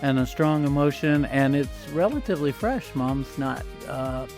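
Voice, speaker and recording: A man's voice: medium pitch, expressive, normal speed, a little mellow, faint music behind. A man hosting a podcast, sincere and close to tears as he talks. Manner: emotional, sincere, near tears. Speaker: podcast host. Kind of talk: casual podcast chat.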